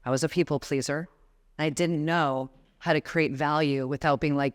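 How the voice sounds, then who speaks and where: Coaching a live conference audience seated in a conference room, a guest speaker in her 40s leads them through breathing exercises during her motivational talk. Her voice is smooth, clear and low-pitched, with fairly even intonation and a moderate pace.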